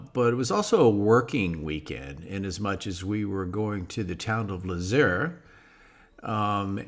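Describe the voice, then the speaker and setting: Low-voiced man narrating a home vlog. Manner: relaxed, chatty, frequent uh fillers, lightly joking. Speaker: homeowner narrating his renovation vlog. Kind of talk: casual vlog voice-over.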